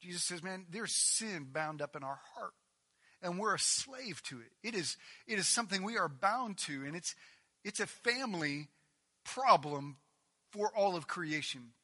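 Male preacher, high-pitched, brightly voiced, animated sermon delivery with rising emphasis. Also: unhurried. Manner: animated, reading scripture with rising emphasis and asides.

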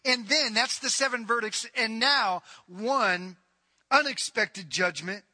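A man's voice: very high-pitched, slow, pushed and bright. A man preaching a sermon as pastor, retelling scripture in plain conversational talk. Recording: long hall reverb.

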